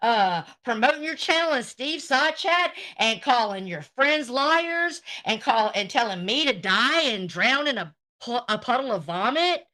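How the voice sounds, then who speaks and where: Woman on a livestream going off, swearing, sarcastic, a bit high and bright. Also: animated, a little slow, hardly any pauses. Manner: profane, confrontational, sarcastic. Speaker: livestream host. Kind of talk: livestream rant addressing chat.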